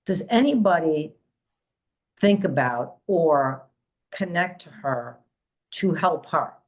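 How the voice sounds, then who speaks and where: A woman's voice: low voice, expressive, takes it slowly. A woman hosting a spiritual podcast as a psychic medium, talking casually with many fillers and restarts.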